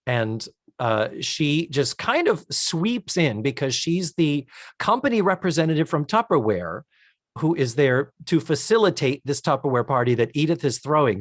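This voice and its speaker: Guy co-hosting a tv recap podcast, really expressive up and down voice, dry close sound. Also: mid-range voice, dry recording. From United States. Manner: animated, enthusiastic, detailed describing. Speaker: podcast co-host. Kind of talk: casual chat recapping a TV episode.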